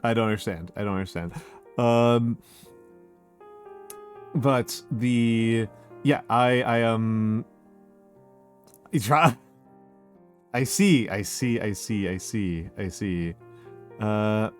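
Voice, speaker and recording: A man's voice: on the low side, takes it slowly, long pauses, faint music behind. A man streaming live who chats casually, reads out viewer messages, greets each viewer by name and repeats short phrases over and over. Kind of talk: casual chat with a live audience.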